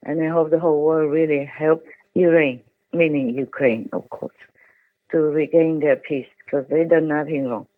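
A man's voice: fairly high pitch, fairly even intonation, moderate pace, no echo. A man speaking as a spiritual teacher over the phone to his followers, emotional, pleading and repeating his words. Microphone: telephone. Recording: tinny phone line.

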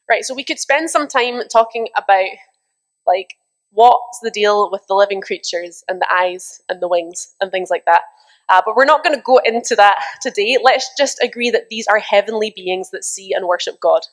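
A young woman preaching a lively sermon, reading scripture and telling animated stories with mimicked exclamations. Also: fairly high pitch.

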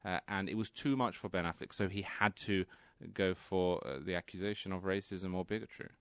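A man with an English received pronunciation accent, co-hosting a radio talk show and explaining things in a measured, articulate way. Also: deep voice, fairly even intonation, a bit bright, clean tone, no room sound. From England. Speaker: guest co-host.

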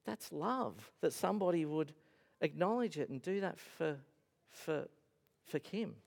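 A male pastor preaches in an earnest, storytelling way, lifting and dropping his voice for emphasis. His voice sits a little high for a man. The sound carries a long reverb, like a large church hall. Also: lively intonation, measured pace, creaky, a little mellow. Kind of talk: sermon.

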